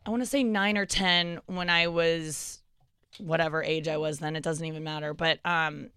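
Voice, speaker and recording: Chatty woman with a smooth voice. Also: low-pitched, moderate pace, dry recording, studio quality. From St. Louis. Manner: animated, chatty, lots of fillers and laughs. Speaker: podcast guest storyteller. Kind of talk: casual storytelling chat.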